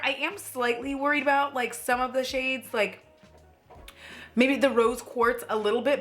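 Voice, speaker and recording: American woman, beauty vlogger, bright voice, casual and jokey, swears freely. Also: fairly high pitch. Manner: chatty, joking, swears casually. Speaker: beauty YouTuber. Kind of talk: casual chat to camera.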